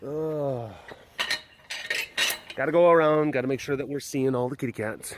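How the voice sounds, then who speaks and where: At a normal speed with long pauses, a medium-pitched man chats casually outdoors by the enclosures of a big cat sanctuary. His webcast talk is rambling and jokey, loose with fillers, and wind hits the handheld or camera microphone over slight background noise.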